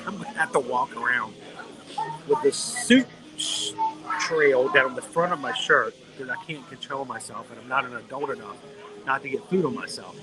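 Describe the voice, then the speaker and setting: A middle-aged man hosting a live stream, telling a playful story in a casual, animated way, outdoors in a theme park. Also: medium pitch. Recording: busy crowd noise behind. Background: crowd, park sounds.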